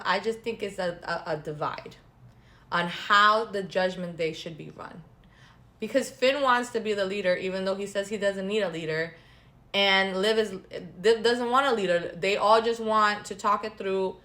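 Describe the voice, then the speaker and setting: A woman talking casually and gossipily as a vlogger, animated and repeating phrases for emphasis, with sarcastic asides. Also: medium pitch. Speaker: wrestling recap vlogger. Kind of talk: casual chat.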